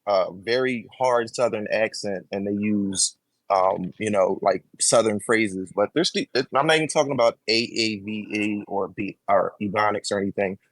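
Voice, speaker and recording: A man joining an online debate panel from his phone, asking a long question with many pauses and fillers. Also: lowish voice, no room sound, low-quality recording. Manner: hesitant, many fillers while building a question. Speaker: panel participant. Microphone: phone over voice chat.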